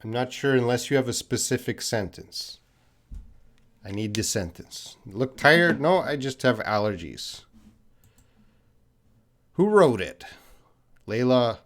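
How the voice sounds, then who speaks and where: Canadian-accented male English teacher, unhurried live Q&A delivery, mid-range voice, patient and chatty. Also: mid-range voice, animated, fairly bright tone. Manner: patient, chatty, explains slowly with repeated examples.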